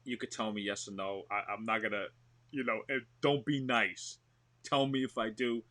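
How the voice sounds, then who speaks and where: A man's voice: on the low side, moderate pace. A man with a New York accent, a guest actor telling stories in a casual podcast interview and acting out what he describes. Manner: animated storyteller, acts out what he describes.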